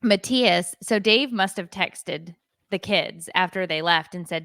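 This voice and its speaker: A woman's voice: fairly low pitch, measured pace, dry recording, clean studio sound. A woman co-hosting a parenting podcast, telling a story in casual chat and acting out what others said. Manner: animated storytelling, acting out quoted voices. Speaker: podcast co-host.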